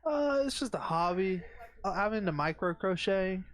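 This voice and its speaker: A player in a tabletop game talking haltingly, searching for words. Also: medium pitch, expressive, no echo. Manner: slow, hesitant, searching for words. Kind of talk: casual tabletop play.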